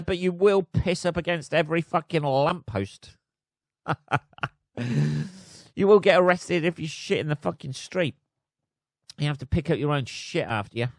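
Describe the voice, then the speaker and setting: A man hosts a solo podcast, reading the news aloud and riffing on it with sardonic, sweary humor while laughing at his own jokes. His voice is mid-range, and the recording is dry and studio-clean.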